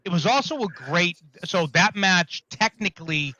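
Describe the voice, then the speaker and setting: Bright-voiced man hosting a wrestling chat. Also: high voice, lively intonation, normal speed, no echo, muffled recording. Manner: rambling, self-correcting, leads the discussion. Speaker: podcast host.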